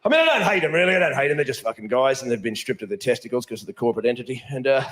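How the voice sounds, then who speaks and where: A man's voice: medium pitch, lively intonation, rapid-fire, background noise. A man with an Australian accent doing a blunt, swaggering, profane stand-up routine on a club stage. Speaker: stand-up comedian. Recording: echoey club, loud laughter.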